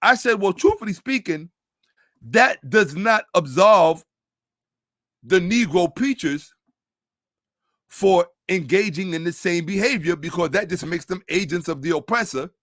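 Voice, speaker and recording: Middle-aged male host, high pitch, emphatic storyteller, dry close sound. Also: expressive, fairly bright tone, no echo. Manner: emphatic, drawn-out stresses, storytelling. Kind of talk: casual monologue commentary.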